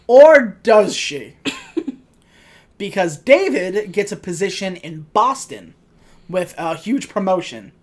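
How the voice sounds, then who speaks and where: A woman's voice: mid-range voice, a little mellow. Sarcastic woman recapping a movie. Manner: sarcastic, dry asides; recounts scenes by acting out quoted lines. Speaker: podcast co-host recapping a movie. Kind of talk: casual chat.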